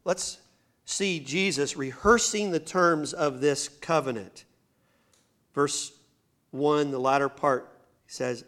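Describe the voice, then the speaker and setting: A man's voice: on the high side, a little slow, fairly bright tone. A male pastor preaching a sermon in a church, building to emphatic bursts and speaking straight to the congregation. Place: church sanctuary.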